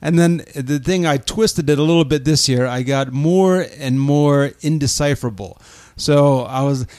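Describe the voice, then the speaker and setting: A man's voice: fairly high pitch, moderate pace, a little mellow, no room sound, clean studio sound. A man hosting a podcast in casual chat, playful and jokey, now and then slipping into silly voices. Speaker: podcast host.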